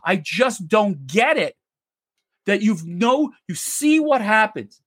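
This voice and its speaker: A Canadian man co-hosting a heated debate, his voice pitched high. He rants with passion, swears often, and his voice swoops up and down as he argues. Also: very animated, slow pace, fairly bright tone, slightly rough. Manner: impassioned, ranting, swears. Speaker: co-host.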